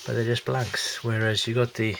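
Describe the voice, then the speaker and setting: A man's voice: medium pitch, level tone, normal speed, creaky, fairly bright tone, a little hiss or hum. A man rambling through a model kit unboxing with many fillers and restarts, getting over a cold. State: has a lingering cold. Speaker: scale model kit reviewer. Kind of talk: casual unboxing commentary.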